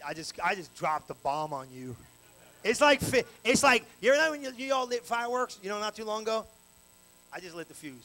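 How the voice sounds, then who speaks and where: A male pastor preaching a live evening sermon in church on a handheld mic, animated and colloquial with call-and-response. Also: high voice, fairly quick, rough recording. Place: church sanctuary, live service. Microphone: handheld microphone.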